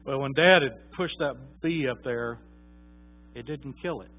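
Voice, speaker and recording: A man's voice: medium pitch, measured pace. A man preaching a sermon, telling a story in a folksy, conversational way with many fillers. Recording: tinny phone-like sound.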